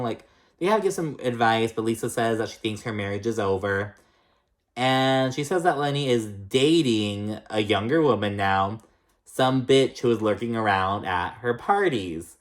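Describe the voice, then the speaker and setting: A man giving a casual recap of a reality TV episode. He talks loosely and swears a lot, fills his sentences with "like", and jumps between high and low pitch when he reacts. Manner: chatty and profane, heavy use of "like".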